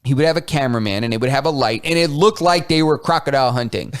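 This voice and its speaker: Slangy, animated man telling stories. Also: mid-range voice, fast talker, smooth. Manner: animated storytelling, slangy, lots of "like" and "you know". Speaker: podcast co-host. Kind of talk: casual chat.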